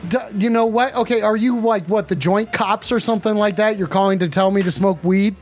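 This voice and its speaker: Man, streamer, mock call-in host, excitable, profane, high voice, faint music behind. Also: a little fast. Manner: excitable, profane, flustered outbursts. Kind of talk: comedic live-stream banter.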